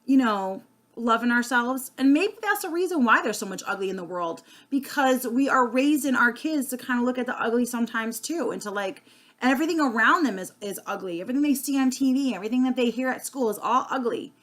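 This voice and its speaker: A woman in her thirties speaks in an unscripted, casual monologue. Her voice sits slightly high for a woman. She is earnest and chatty, full of "um" and "like", often restarting her sentences. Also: lively intonation, fairly quick, a bit bright. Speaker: sales consultant vlogger.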